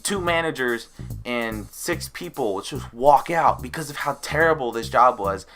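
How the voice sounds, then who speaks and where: A young man casually telling an animated story about a bad job, acting out the people he quotes. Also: mid-range voice, measured pace, soft background music. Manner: animated, acts out voices of coworkers. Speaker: vlogger.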